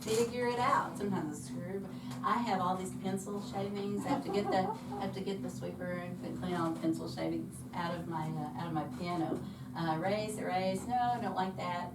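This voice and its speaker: A woman's voice: fairly low pitch, a little fast, distant mic, heavy background noise. A woman teaching piano arranging in a workshop, chatty and self-deprecating, thinking aloud as she plays. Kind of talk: informal teaching talk at the piano. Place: hall or classroom with piano. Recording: echoey room, voice from afar, loud piano. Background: piano playing.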